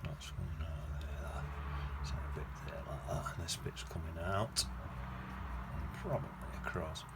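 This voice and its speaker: Brief: male painting tutor, deep voice, rambling self-correcting chat, noisy background hiss. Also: unhurried. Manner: chatty, thinking aloud while painting, self-correcting. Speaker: watercolour painting teacher. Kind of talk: casual painting demonstration. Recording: noticeable background noise.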